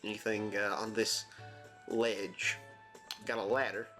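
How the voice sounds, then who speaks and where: Brief: casual let's-play host, jokey and self-mocking, soft game music behind. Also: male voice, lowish voice, little pitch movement, slow pace. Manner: joking, self-deprecating. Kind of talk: casual gameplay commentary.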